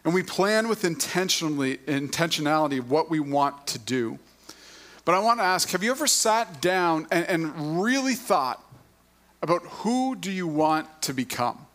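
Casual halting male preacher. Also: fairly high pitch, lively intonation, fairly bright tone. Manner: casual, halting with repeated words and fillers. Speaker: church staff preacher. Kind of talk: sermon. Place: church.

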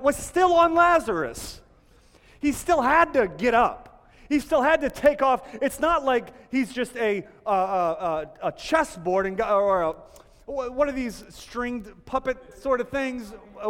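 A man preaching a sermon as a pastor, earnest, moving between hushed, soft passages and emphatic ones. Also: very high voice, long reverb tail.

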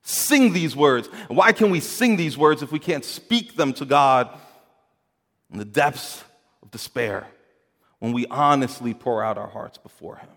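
A man preaching a sermon in an earnest way, moving from hushed, quiet passages to rising emphasis and often repeating his words. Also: medium pitch, measured pace, creaky, in a large hall. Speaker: pastor.

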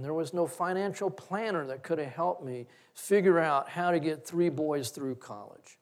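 A middle-aged man preaching a sermon in a conversational, folksy way, with stories and soft, trailing phrase endings. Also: a little high, normal speed, few pauses. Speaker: pastor.

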